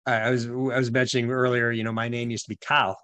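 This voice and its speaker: A man's voice: medium pitch, little pitch movement, fast, fairly bright tone. Male host from boston, easygoing interviewer, tosses in lots of "right?". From Boston area. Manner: conversational, asks leading questions. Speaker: podcast host. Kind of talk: interview chat.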